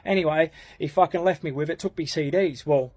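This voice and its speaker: Husky, slightly high-pitched Australian bloke in his thirties, crude and blunt, telling a story off the cuff. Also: fairly quick, darkish tone. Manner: swearing, slang-heavy, blunt. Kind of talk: casual storytelling.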